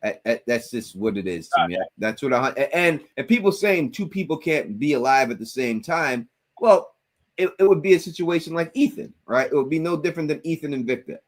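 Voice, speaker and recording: A man co-hosting a casual livestream call-in show, animated and repeating words for emphasis. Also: a little high, a little fast. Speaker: co-host.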